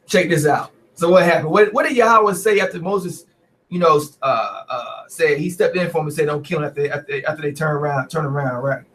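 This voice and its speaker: A man preaching, reading scripture with animated, mocking commentary, often restarting and asking "right?". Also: a little high, fairly quick, a little hiss or hum.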